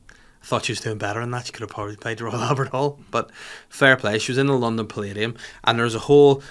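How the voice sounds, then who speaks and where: Broadcasting from a small studio, a man hosts a podcast in a casual, comedic style, ranting and joking with lots of swearing. His delivery is animated and quick, pitched in the middle range for a man.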